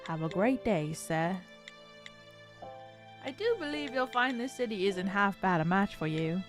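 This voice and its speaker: A woman's voice: medium pitch, lively intonation, measured pace, soft background music, close to an everyday voice. A woman voicing a polite, knowing male taxi driver, reading game dialogue aloud in a courteous, formal manner.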